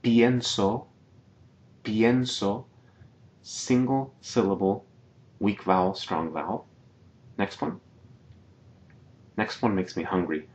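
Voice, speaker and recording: Low-voiced man teaching a language lesson. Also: lively intonation, a little mellow, muffled recording. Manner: patient, explanatory, repeats each word slowly. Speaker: Spanish teacher. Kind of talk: slide-based video lesson.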